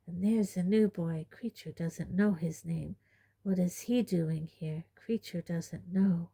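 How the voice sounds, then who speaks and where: A very old, bitter male house elf voiced by a woman mutters hoarsely and spitefully, servile to your face and nasty behind it. The voice is low, soft and slow. This is an audiobook reading. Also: heavily acted. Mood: muttering bitterly. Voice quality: hoarse, deep, muttering under breath. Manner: spiteful grumbling asides, mock-humble.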